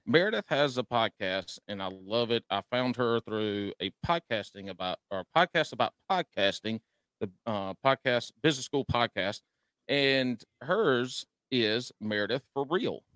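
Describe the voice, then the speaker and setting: A man's voice: medium pitch, lively intonation, normal speed, a bit bright, clear, resonant tone, dry recording, clean studio sound. A man with a Southern US drawl hosting a podcast in casual chat, folksy and self-deprecating with easy jokes. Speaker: podcast host.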